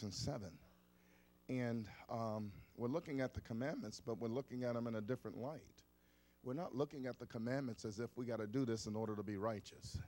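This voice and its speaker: A man in his fifties preaching a sermon in a conversational way, coaxing the congregation along. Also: medium pitch. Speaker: pastor.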